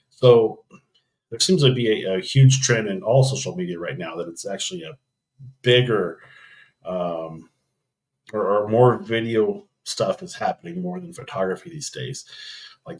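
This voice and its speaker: A man's voice: on the low side, lively intonation, normal speed. A man hosting a casual live stream, rambling through camera news and thinking aloud with frequent ums and restarts.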